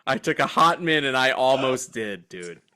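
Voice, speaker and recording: A man co-hosts a movie podcast, trading jokes in easy casual chat. His voice is bright, and his pitch swings all over as he riffs. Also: moderate pace, clear, resonant tone. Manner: joking, animated banter. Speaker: podcast co-host.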